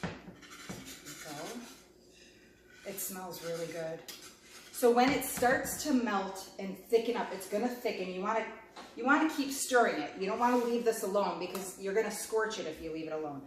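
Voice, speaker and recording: A woman's voice: medium pitch, normal speed. Chatty woman cooking in an echoey kitchen. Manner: talkative, talks while cooking and tasting food. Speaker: home cooking vlogger. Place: home kitchen. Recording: echoey kitchen, mic a bit far off, clear background noise.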